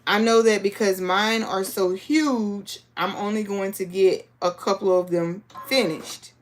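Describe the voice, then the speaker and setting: A woman's voice: medium pitch, steady tone, unhurried, slight background noise. A woman hosting a live sewing stream, chatting casually with viewers and reading the chat aloud. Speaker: crafting livestream host.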